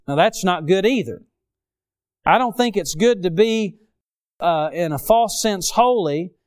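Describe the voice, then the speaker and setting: Smooth-voiced preacher with surging delivery. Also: male voice, on the high side, a little mellow. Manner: preaching with dramatic rises and drops in volume. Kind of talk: sermon.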